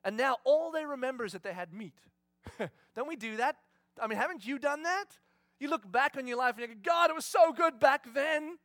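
Animated high-voiced male preacher. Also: a little fast, dry recording. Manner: animated, conversational, acts out voices. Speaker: pastor. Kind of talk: sermon.

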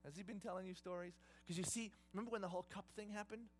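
A man preaching a sermon, retelling a story in a lively, conversational, dramatic way. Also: high voice, racing, soft background music. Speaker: pastor.

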